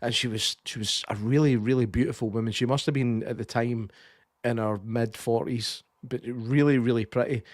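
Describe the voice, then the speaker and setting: A man's voice: medium pitch, normal speed, hardly any pauses, no echo, clean studio sound. Sweary Scottish man reviewing a film. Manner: sweary, animated storytelling with impressions. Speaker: podcast co-host. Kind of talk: casual film review chat.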